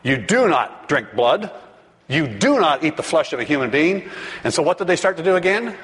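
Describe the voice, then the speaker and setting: A man preaching a sermon, reading scripture aloud and acting out the crowd's voices with animated asides. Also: fairly high pitch, brisk. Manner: animated, reads scripture and acts out the crowd's questions. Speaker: pastor. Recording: long hall reverb.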